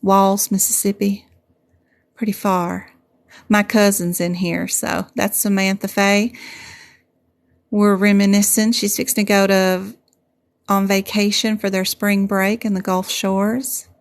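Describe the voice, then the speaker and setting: A woman's voice: medium pitch, little pitch movement, slow. A middle-aged woman with a Southern US accent, a medical coding instructor explaining things patiently and repeating her points in a casual livestream. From Southern United States. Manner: patient, repetitive explaining, folksy asides. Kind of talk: livestream teaching and chat.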